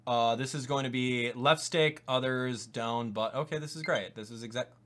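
A young man giving casual live-stream commentary on a video game, swinging from low mumbles to loud disbelief. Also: normal speed. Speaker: gaming YouTuber.

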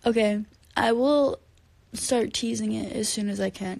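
A singer with no sleep behind her talks casually to fans from home at bedtime, her phone camera held close, giggling, rambling, reading comments and sometimes slipping into whispers. The voice is a little high, unhurried, gravelly and a little mellow, with no room sound.

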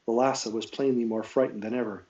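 A man's voice: mid-range voice, quick pace, recorded from a distance. Man reading a novel aloud, lo-fi. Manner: steady storytelling with small self-corrections. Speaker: reader.

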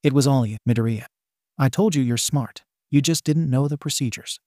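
A man voicing a quiet, soft-spoken teenage boy who calmly tutors a friend, in a fan-fiction audio reading. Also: mid-range voice, normal speed, no room sound, studio quality, natural voice.

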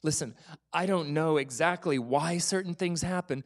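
Male pastor, sermon, chatty and playful, sinks to hushed whispers on key points. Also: a little high, normal speed. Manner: drops to a soft whisper for emphasis; lively, conversational, sometimes joking.

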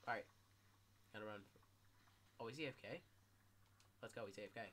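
A man commentating his own gameplay casually, swearing a lot and yelling in sudden bursts. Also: lowish voice, brisk, slight background noise. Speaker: gameplay streamer.

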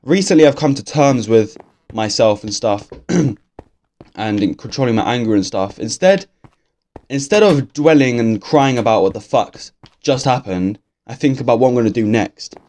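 A man's voice: mid-range voice, lively intonation, moderate pace, a little mellow. A young man, talking through a game in a casual, swear-filled, grumbling ramble. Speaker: gaming YouTuber. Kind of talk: casual let's-play commentary.

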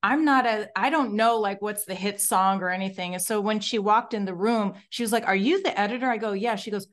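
Casting: lively woman from Morocco, guest storyteller, mid pitch, playful quoted voices. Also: brisk. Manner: animated, acts out quoted voices, laughs while telling. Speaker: guest, film director. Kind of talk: casual storytelling interview.

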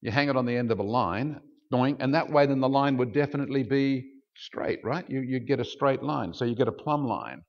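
A man preaching a sermon as pastor, explaining scripture and acting out quoted speech with big jumps in pitch. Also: brisk. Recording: dull lo-fi sound.

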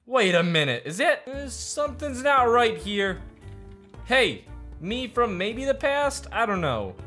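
Jumpy, high-pitched gaming commentator man. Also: big pitch swings, unhurried, pushed and bright, soft background music. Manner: jumpy, panicky, joking. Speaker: gaming YouTuber. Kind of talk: let's play commentary.

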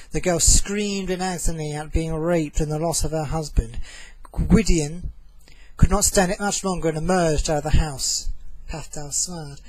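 A man reading his own fantasy novel aloud, in a halting way with asides and restarts. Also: on the high side, darkish tone, slightly rough, rough recording.

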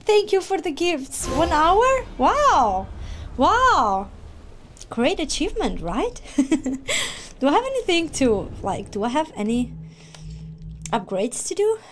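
A woman streaming a video game, reacting excitably with shouts and swearing. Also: high-pitched, slow pace, a little hiss or hum. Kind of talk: live gameplay reaction.

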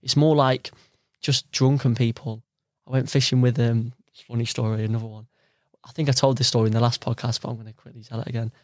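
A man's voice: mid-range voice, flat delivery, fast talker, no echo, studio quality. A young man, chatting casually as a podcast guest and telling stories with quoted voices. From London. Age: young adult. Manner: easygoing storyteller who acts out quoted people. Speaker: guest angler.

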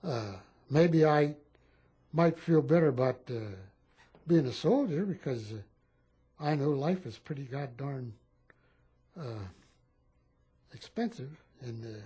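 A man in his eighties, a war veteran telling stories in a rambling, animated way at a home interview. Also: on the high side. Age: 80s. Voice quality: very husky. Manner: rambling, animated storytelling with repeated phrases.

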